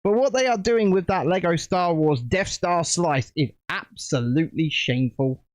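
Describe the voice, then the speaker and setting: A man's voice: a little high, normal speed, no echo. A British man hosting a casual livestream, chatting and rambling while building a set at home. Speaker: livestream host.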